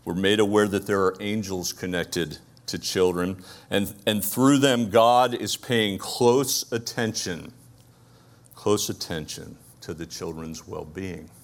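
A man's voice: low-pitched, slow. A man with a Brooklyn accent preaching a conversational sermon, asking his listeners rhetorical questions. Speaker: pastor.

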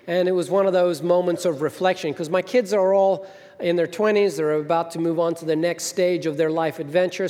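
A man's voice: on the high side, a little mellow. A middle-aged man, the senior minister, giving a storytelling sermon and acting out the voices of the people in his stories. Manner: storytelling, acts out quoted voices. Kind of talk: sermon with anecdotes. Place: church hall. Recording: long hall reverb.

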